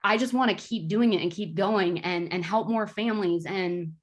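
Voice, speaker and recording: A young woman who works as an insurance agent, talking in an excited, effusive way in an interview. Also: medium pitch. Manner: bubbly, effusive, quick bursts.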